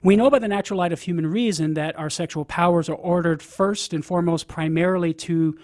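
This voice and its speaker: A man's voice: a little high, steady tone, a little fast, darkish tone, dry recording, clean studio sound. A man with a Cajun accent, a radio guest explaining ideas step by step, often checking in with "right?". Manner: teaching, sprinkles "right?" to check in. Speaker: guest apologist.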